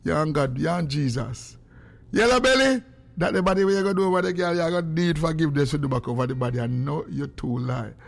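A man's voice: fairly high pitch, fast, hardly any pauses. A man chatting animatedly on a casual livestream, greeting viewers by name. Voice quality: gravelly, animated and excitable. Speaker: social media livestreamer. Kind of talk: casual live chat.

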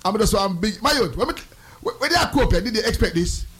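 Lively Jamaican man, high animated voice. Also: quick pace. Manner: playful, loud, animated with Jamaican patois. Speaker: host. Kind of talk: casual promo chat.

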